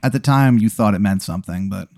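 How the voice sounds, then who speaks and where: A man's voice: fairly low pitch, fast talker, warm tone, no room sound, clean studio sound. A man hosting and running an improvised story game, talking in a laid-back, rambling way with lots of "like" and casual swearing. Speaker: host and game master. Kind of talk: improvised tabletop-style storytelling.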